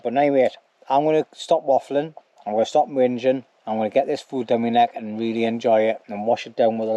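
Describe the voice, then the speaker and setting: A bushcraft vlogger talks casually to camera at an outdoor camp, rambling on and finishing lines with "like," his nose audibly snotty. His voice is mid-range and mellow, with no echo.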